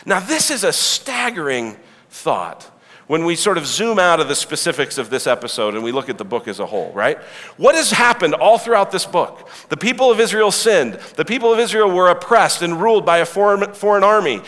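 A man preaching a sermon, retelling a story in a lively, joking way, with asides to the listeners. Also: high-pitched, brisk, in a large hall. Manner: animated storytelling with asides and humor. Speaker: pastor.

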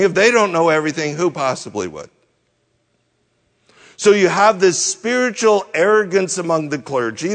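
Slow-speaking male pastor in a reverberant hall. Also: high-pitched. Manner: explains verse by verse, rhetorical questions. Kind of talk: expository sermon.

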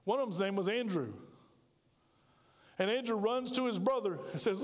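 A man's voice: sits high, normal speed, long reverb tail. A man preaching a sermon to his congregation, talking in a conversational way and asking them rhetorical questions. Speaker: pastor. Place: church sanctuary.

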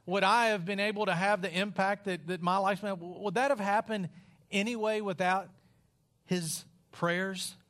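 A man from West Virginia preaching a sermon in a wry, conversational storytelling style with dramatic pauses. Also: high voice, fairly even intonation, a bit bright.

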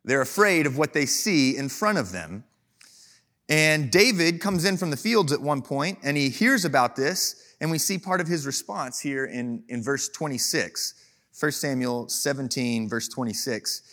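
A pastor from Texas delivering a sermon, his voice sitting a touch higher than most men's. He moves between Bible reading and loose, animated storytelling with a joking edge, speaking casually and freely. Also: fairly quick.

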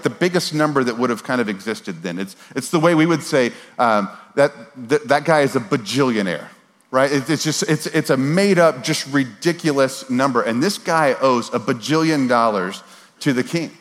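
A man preaching a casual, conversational sermon, animated and informal with slang and repeated words, at times dropping to a soft, earnest voice. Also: medium pitch. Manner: drops to a soft, quiet voice for earnest moments. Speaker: pastor. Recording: long reverb of a large hall.

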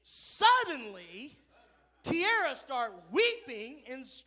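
Man, pastor, sermon, very high voice, bright tone, storytelling, fervent. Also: sing-song, slow pace. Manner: storytelling, building to fervent near-shouting.

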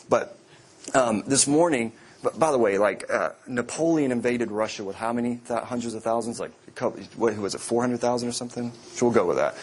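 A man's voice: mid-range voice, slight background noise. A man, a pastor, preaching a sermon with vivid storytelling, often repeating and restarting words.

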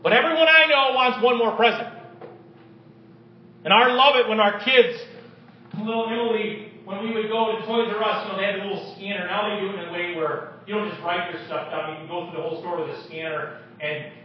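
High-voiced preacher in an echoey hall. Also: male voice, steady tone, brisk. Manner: impassioned preaching, swinging from loud declarations to hushed prayer. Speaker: pastor. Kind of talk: sermon. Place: church sanctuary. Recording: echoey distant room, dull lo-fi sound.

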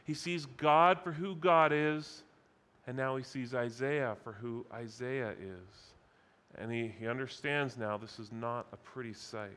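A man preaching a sermon at a conference, deliberate and emphatic, repeating key phrases for weight. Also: medium pitch, steady tone, fairly bright tone. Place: conference session.

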